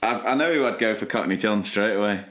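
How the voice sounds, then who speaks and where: A man's voice: on the low side, fast talker, fairly bright tone, reverberant. A man co-hosting a casual podcast, putting listener questions to his partner and teasing him. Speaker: co-host.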